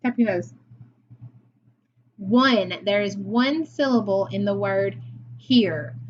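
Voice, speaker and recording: Slow, patient woman teaching phonics. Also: mid-range voice, breathy edge, dull audio. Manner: slow, patient, praising, sounds words out. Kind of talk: phonics lesson for young children.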